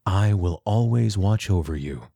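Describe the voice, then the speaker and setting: A man voicing a soothing, self-assured artificial intelligence that speaks calmly. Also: low-pitched, unhurried, vocal fry, dry recording, studio quality, heavily acted. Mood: commanding. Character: calm, all-knowing male home AI.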